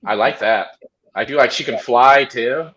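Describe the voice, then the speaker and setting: A man bantering as a panelist on a comedy game show, giggly and quick to burst into high laughter. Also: fairly bright tone, muffled recording, a little hiss or hum. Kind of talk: joking banter.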